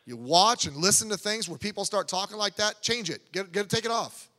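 This pastor is a man with a high, bright voice, preaching a sermon in a reverberant church sanctuary. He sounds animated and talks fairly quickly, keeping things conversational with asides and restarts. A long church-hall reverb hangs over the recording.

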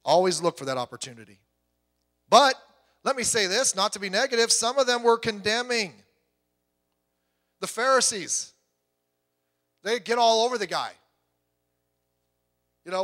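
Lively high-voiced man preaching in a hall. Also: a little slow, long pauses. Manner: animated storytelling, acts out quoted voices, swings from loud to hushed. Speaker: pastor. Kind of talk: sermon. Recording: long hall reverb.

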